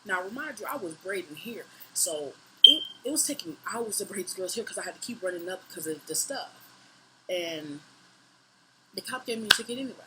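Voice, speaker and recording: A woman's voice: mid-range voice, lively intonation, a little fast, very noisy. A woman in her twenties animatedly recounting a personal story on camera, swearing freely and acting out her own lines. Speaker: vlogger. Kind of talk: storytime monologue.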